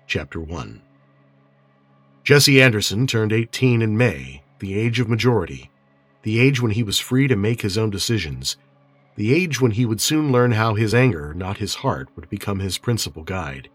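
A man narrating an audiobook in a measured, expressive way. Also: on the low side, slightly rough, no room sound, studio quality. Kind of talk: scripted narration.

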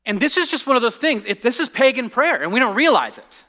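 Pastor, man in his 40s, high clear voice, loose storytelling sermon. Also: quick pace. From United States. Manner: animated storytelling, drops to a hushed voice on serious points, many restarts. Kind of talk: conversational sermon.

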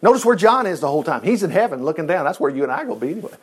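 A man's voice: fairly high pitch, very animated, rapid-fire, breathy edge. An older man preaching a sermon, reading Bible verses aloud and commenting in a folksy, joking, conversational way.

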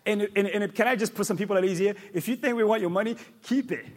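A male pastor preaching a sermon, emphatic and repetitive, with sudden loud peaks. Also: high-pitched, fast.

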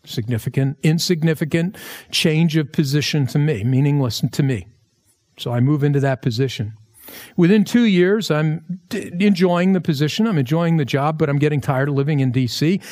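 A man preaching in a church, his voice sitting a little higher than most men's. He tells a personal story with animated delivery and acts out each exchange of dialogue. He is a pastor from Pennsylvania. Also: normal speed. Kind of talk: storytelling sermon. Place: church, filmed.

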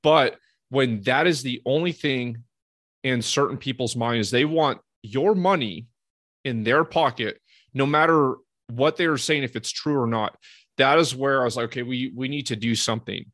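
A man hosting a podcast, talking in a relaxed, conversational way as he explains his views. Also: medium pitch, normal speed, dry recording, studio quality. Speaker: podcast host. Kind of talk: casual podcast chat.

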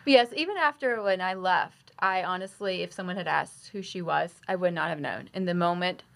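A woman guest, a nurse, telling her story in a soft, affectionate way. Her voice sits low and has a clear gravelly fry running through it. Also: moderate pace. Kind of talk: casual storytelling in an interview.

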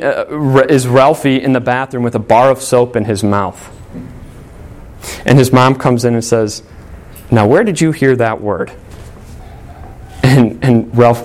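A man's voice: mid-range voice, a little mellow. A man preaching a sermon to parents in an earnest, conversational way, telling a story with frequent "uh" fillers. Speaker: pastor.

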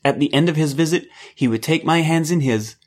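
A man giving a measured, reflective first-person audiobook narration, dwelling on words. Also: a little high, a little mellow.

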